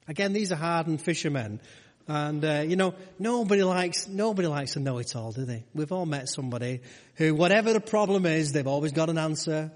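A man delivers a sermon in a relaxed, conversational way, tossing rhetorical questions to his listeners. His voice sits a little high for a man. The sound rings with a long hall reverb. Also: fast talker. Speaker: pastor.

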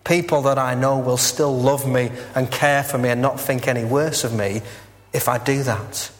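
A man's voice: medium pitch, fairly even intonation, normal speed, long reverb tail. A man preaching a conversational sermon as minister, earnest and candid, with frequent filler words. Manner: earnest and candid, with many "uh" and "you know" fillers. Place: church.

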